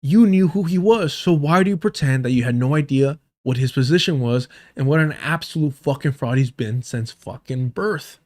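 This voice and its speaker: A man's voice: medium pitch, normal speed, few pauses, darkish tone. A young man hosting a live stream, ranting with heavy profanity and scorn. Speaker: livestream host.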